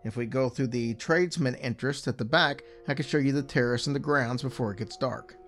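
A man's voice: medium pitch, fairly quick, a bit bright, soft background music, natural voice. A man voicing a genial middle-aged male headmaster who speaks in a casual, breezy way. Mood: measured.

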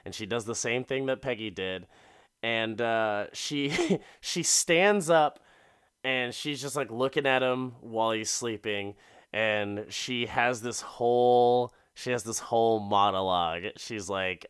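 A man's voice: medium pitch, slow pace, fairly bright tone, clear, resonant tone, dry recording, studio quality. A man giving a profane, rambling comic recap of a movie, full of fillers.

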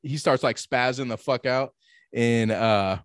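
A man's voice: medium pitch, a little slow, no echo, studio quality. A man chatting casually as a podcast co-host, rambling and swearing, with lots of filler words. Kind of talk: casual chat.

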